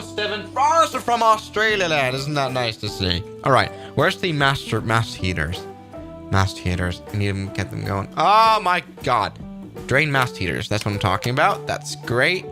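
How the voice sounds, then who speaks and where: A man doing casual live-stream commentary on a flight simulator, upbeat and rambling as he thinks aloud. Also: medium pitch.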